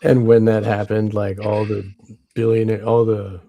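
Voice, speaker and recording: A man's voice: on the low side, flat delivery, normal speed, warm tone, a little hiss or hum. A man on a remote call, mostly agreeing with the others through brief interjections. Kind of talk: casual conspiracy discussion. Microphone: remote call mic.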